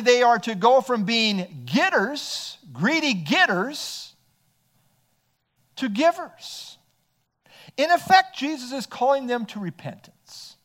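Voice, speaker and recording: Here a male preacher reads Bible verses aloud and breaks them down in an earnest expository sermon. His pitch is high for a man and moves up and down without restraint.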